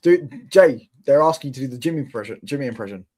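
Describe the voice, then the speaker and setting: A man's voice: medium pitch, expressive, fast talker, a little mellow, husky. A young man co-hosting a football watchalong, quizzing and teasing his co-host in slangy casual chat.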